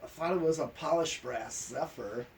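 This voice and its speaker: Higher-voiced man, a bit off-mic. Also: moderate pace, vocal fry, recorded from a distance, slight background noise. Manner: practical, counting settings aloud. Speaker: fan tester. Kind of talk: casual technical chat.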